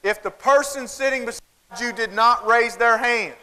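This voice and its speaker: A man's voice: very high-pitched, normal speed, clear, resonant tone. A man with a Southern accent giving a humorous keynote at a conference, telling stories and acting out voices of parents and children. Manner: animated storytelling, acting out voices of parents and kids. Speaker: keynote speaker. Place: large conference hall. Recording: hall reverb from a large venue. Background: audience laughter.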